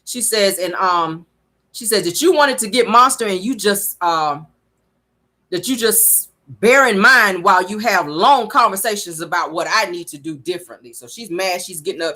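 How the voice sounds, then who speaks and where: A woman's voice: lowish voice, normal speed, bright, forceful tone. A woman hosting a reality-TV recap show, talking in a sassy, wisecracking way.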